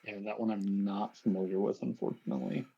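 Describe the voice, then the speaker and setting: A man's voice: fairly low pitch, fairly even intonation, vocal fry, mellow, breathy edge, dull audio. A man who is a guest artist, chatting in a laid-back way and often murmuring agreement. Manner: laid-back, quick to affirm. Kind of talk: casual chat.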